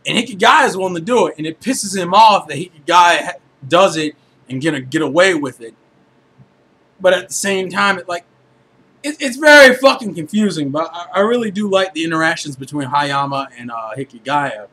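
A man giving a casual, animated anime review, full of swearing and filler words. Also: sits high, a little fast, slightly rough. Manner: animated, profane, filler-heavy.

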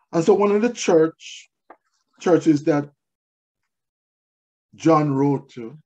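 A man's voice: mid-range voice, mellow, dull audio. A male pastor delivering a sermon, moving from storytelling to emphatic preaching.

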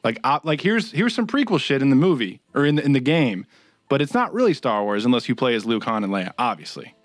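A man's voice: medium pitch, big pitch swings, brisk, dry recording, clean studio sound. A young man co-hosting a casual podcast, ranting and swearing in frustration. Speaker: podcast co-host.

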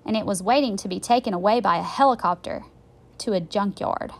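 A woman's voice: mid-range voice, a little fast, lightly acted. A woman voicing a cautious, sensible young boy in a storybook read-aloud, with a worried, matter-of-fact manner.

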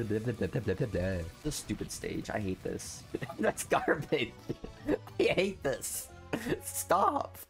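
Excitable man narrating his gameplay. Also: mid-range voice. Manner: excitable, grumbling then cheering loudly; slangy, swears casually. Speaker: video game channel host. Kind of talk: live gameplay commentary.

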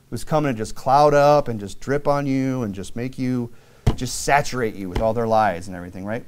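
Animated male preacher. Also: medium pitch. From Caribbean island. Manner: animated preaching with dramatic slow reading of scripture. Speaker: pastor. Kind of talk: sermon.

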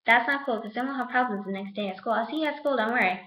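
A woman's voice: fairly high pitch, rapid-fire, echoey room, background noise. A teenage girl vlogging to her camera at home in a chatty, sassy way, scolding her viewers now and then. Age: teens. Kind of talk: casual vlog talk to camera.

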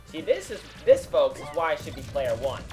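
A young man co-hosting a let's play, giving goofy, excitable commentary and bossing his partner around. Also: on the high side, moderate pace. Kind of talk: casual gameplay commentary. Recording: game music underneath.

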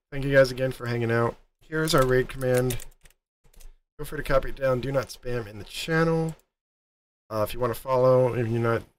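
A male game streamer talks casually to his viewers in an ordinary mid-range voice. He rambles, stopping and restarting with plenty of ums. A faint background hiss sits under the voice. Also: medium pitch.

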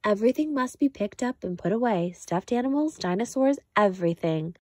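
A woman's voice: mid-range voice, animated, a little fast, warm tone, dry recording, clean studio sound, lightly acted. A woman voicing a mother bear who is patient but firm.

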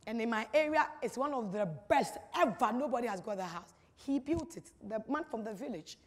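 A woman giving a personal testimony in a large hall, speaking emphatically, repeating phrases and swinging from hushed to loud. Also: a little high, expressive, brisk. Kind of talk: personal testimony at a church-style gathering. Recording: reverberant hall.

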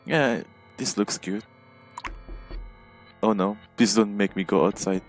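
Jumpy low-voiced man playing a game. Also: fairly even intonation, slow, faint music behind. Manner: jumpy, nervous, frequent startled exclamations. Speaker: gameplay commentator. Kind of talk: casual gameplay commentary. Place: at home, alone at night. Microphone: headset microphone.

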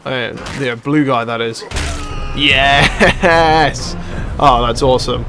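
A young man giving live commentary over his own gameplay, chatty and excitable, swearing and shouting at the players on screen. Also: medium pitch, slow, music in the background. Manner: excitable, swears and yells at the game. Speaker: let's play commentator.

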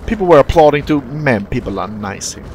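A young man casually commentating his own gameplay, excitable and profane, often jumping into loud yelps. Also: medium pitch, a little fast, slight background noise. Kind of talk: let's-play commentary.

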